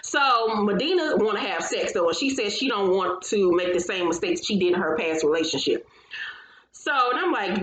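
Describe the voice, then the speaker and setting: A woman's voice: medium pitch, lively intonation, fairly quick, echoey room, a little hiss or hum, rough recording. A woman hosting a casual reality TV recap, talking bluntly and profanely with sassy reactions. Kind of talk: casual chat.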